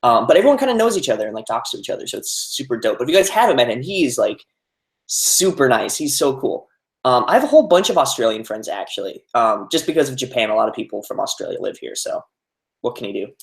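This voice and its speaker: A man's voice: mid-range voice, big pitch swings, fast. A young man chatting casually on a live stream, reading out viewer comments, with many fillers. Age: young adult. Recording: roomy echo.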